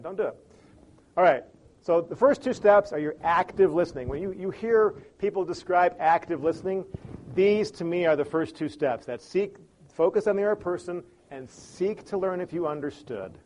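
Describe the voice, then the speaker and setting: A man gives a conversational lecture on listening, telling anecdotes and acting out the people in them. His voice sits a little high and sounds slightly mellow, with lively intonation at a moderate pace.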